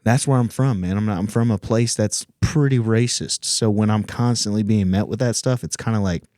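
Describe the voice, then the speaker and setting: A man's voice: lowish voice, brisk, few pauses, a little mellow, no echo, clean studio sound. A man from Virginia, a comedian hosting a podcast, telling rambling, profane stories in casual chat and laughing often.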